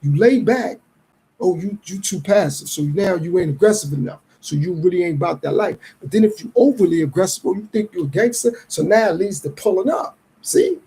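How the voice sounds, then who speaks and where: A middle-aged podcast host with a high, animated voice, dark in tone, slightly rough and full of vocal fry, delivers a reflective, streetwise monologue, slipping into quick voices to act out other people's lines. The recording quality is rough.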